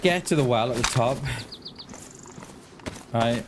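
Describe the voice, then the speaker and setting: A man's voice: medium pitch, slow. A man streaming a survival game, chatting casually and rambling through a story as he plays, often correcting himself mid-sentence. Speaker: gaming streamer. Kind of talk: casual chat while playing. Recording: noisy stream audio.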